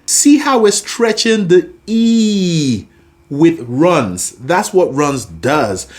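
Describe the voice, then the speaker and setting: Singing coach, animated and encouraging, slow unhurried delivery, voice rising and falling a lot. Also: medium pitch. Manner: animated, encouraging, sings example phrases. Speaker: singing teacher. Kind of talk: vocal lesson with sung demonstrations.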